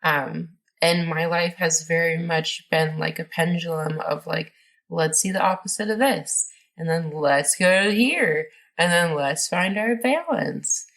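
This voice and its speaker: Gravelly low-voiced woman telling stories. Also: unhurried, a bit bright. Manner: rambling, many fillers and restarts. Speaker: podcast guest. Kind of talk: casual storytelling interview.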